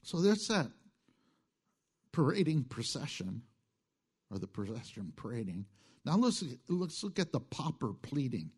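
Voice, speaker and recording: A middle-aged male pastor preaching a sermon in a conversational way, moving between hushed asides and emphatic lines, chuckling at his own jokes. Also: mid-range voice, sing-song, unhurried, long pauses, breathy edge.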